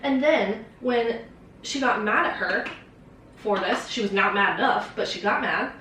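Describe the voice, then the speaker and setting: A young woman vlogger rambles casually about a book in a mid-range, unhurried voice with a sharp tone, swearing and using lots of fillers. The very echoey room and distant mic come with slight background noise.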